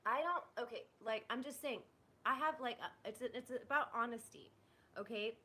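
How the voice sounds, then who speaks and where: Bright high-voiced frustrated young woman. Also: moderate pace. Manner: frustrated, blunt and profane, with many "like"s and restarts. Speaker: livestreamer. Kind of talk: venting live to stream chat.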